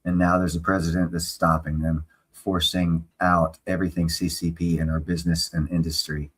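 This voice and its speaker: Husky, low-voiced blunt man. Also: level tone, normal speed. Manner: blunt, swears freely, opinionated. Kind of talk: casual livestream chat.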